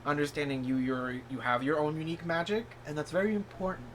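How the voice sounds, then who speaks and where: A man with a somewhat high voice gives a casual tarot reading, rambling in an encouraging way. He fills his talk with "like" and "you know" and jumps into excited, squeaky bursts of surprise. A faint hiss sits under his voice. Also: fast talker. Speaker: tarot reader.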